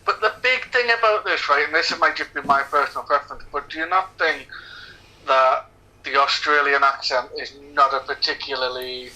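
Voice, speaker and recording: A man's voice: a little high, moderate pace, pushed and bright, low-quality recording. A man co-hosting a casual film commentary podcast, laughing often, swearing freely and rambling. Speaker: podcast co-host.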